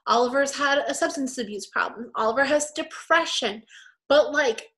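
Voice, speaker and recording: A woman co-hosting a podcast in casual chat, animated and quick to swear. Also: high voice. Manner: animated, swears freely, acts out characters' lines. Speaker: podcast co-host.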